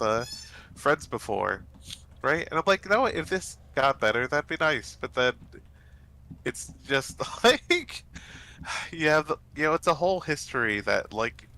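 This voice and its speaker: A man's voice: medium pitch, sharp tone, low-quality recording. A man with a stuffy, congested nose, rambling casually with lots of fillers while gaming with friends. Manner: rambling, many fillers and restarts. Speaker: let's play host.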